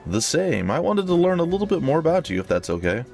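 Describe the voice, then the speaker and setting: A man's voice: on the high side, sing-song, quick pace, creaky, a little mellow, soft background music, voice pushed up. A man voicing a young female sword-fighting heroine who talks in a dry, sardonic way.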